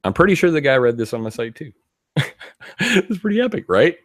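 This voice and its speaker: A man giving casual commentary on a video, animated and laughing often as he reads quotes aloud. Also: a little high, fairly quick, no echo, clean studio sound. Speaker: video blogger.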